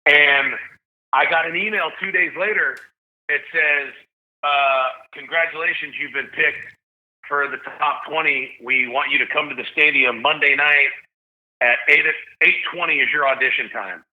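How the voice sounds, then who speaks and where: A fairly high-voiced man in his forties from Tennessee tells a story casually, slangy and animated, acting out each voice he quotes. The sound is thin and tinny, like a phone line. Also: a little slow. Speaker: podcast guest.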